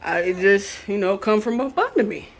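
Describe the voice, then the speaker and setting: A woman's voice: medium pitch, very animated, moderate pace. A woman filming a family vlog at home, chatting to viewers with lots of laughs while she cooks in her kitchen. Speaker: family vlogger, mom. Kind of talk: casual vlog chat and cooking talk.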